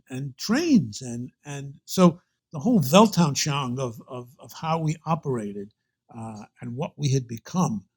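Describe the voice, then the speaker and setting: A man's voice: medium pitch, darkish tone, husky. An older man with a Brooklyn accent, talking as an interview guest. He tells his anecdotes in a loose, rambling way, often restarting a phrase and stacking up asides before he gets to the point. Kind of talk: storytelling interview.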